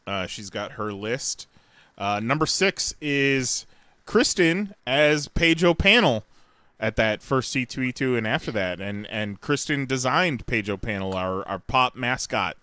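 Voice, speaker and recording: A man co-hosting a podcast, telling con stories in an energetic, profane, casual chat. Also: mid-range voice, measured pace, clear, resonant tone, no room sound. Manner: energetic, profane, loose storyteller. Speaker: podcast co-host. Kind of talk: casual chat, reading a countdown list.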